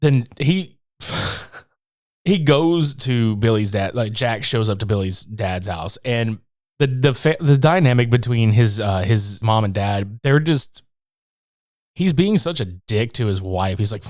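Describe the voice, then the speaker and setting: A man chatting on a podcast about a film, swinging his pitch widely as he tells the story. He swears freely and laughs often, and he slips into little voices for quoted lines. The sound is dry and close. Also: lively intonation, measured pace, darkish tone, no echo. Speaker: podcast co-host. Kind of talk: casual movie review chat.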